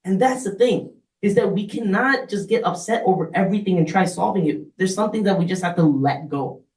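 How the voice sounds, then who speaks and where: High-voiced man giving an echoey talk. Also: fairly quick, a little mellow, far from the mic. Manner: conversational, often checks in with "right?". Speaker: speaker. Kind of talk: community talk on marriage.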